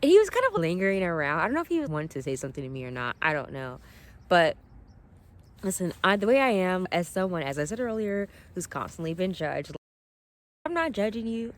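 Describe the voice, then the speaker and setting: Excitable rambling woman vlogging outdoors. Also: deep voice, a little hiss or hum. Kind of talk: casual rambling storytelling. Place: outdoors by water at sunset. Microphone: phone held above the water.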